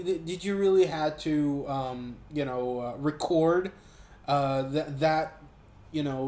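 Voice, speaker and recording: A man giving a casual, profane movie review, talking in an animated way and mocking what he saw. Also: on the high side, reverberant. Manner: profane, animated, quick asides with mocking quoted voices.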